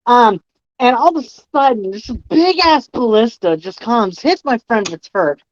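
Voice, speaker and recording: A woman's voice: a little high, expressive, unhurried, no echo. Cocky, chummy male adventurer who mocks with a swagger voiced by a woman, dull dry lo-fi sound. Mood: smug, mocking.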